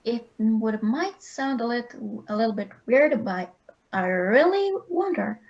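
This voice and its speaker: A woman in the audience asking a question over a video call, hesitant at first and then quick. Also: on the high side, animated, darkish tone. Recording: dull video-call audio.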